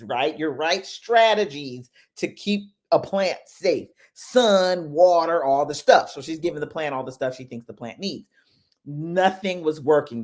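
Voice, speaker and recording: A woman hosting a casual motivational talk in a chatty, animated way. She tells stories with lively asides and speaks straight to her listeners. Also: low-pitched. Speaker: host.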